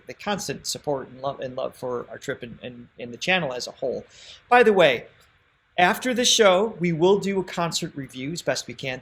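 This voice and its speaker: A man's voice: on the high side, fairly bright tone. A man co-hosting a song reaction livestream, chatting casually, laughing often and thanking viewers by name.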